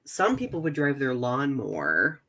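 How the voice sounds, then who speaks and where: A man from central Michigan co-hosting a casual podcast, animated and full of "like". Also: mid-range voice, normal speed. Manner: animated, heavy use of "like". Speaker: podcast co-host. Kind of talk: casual chat.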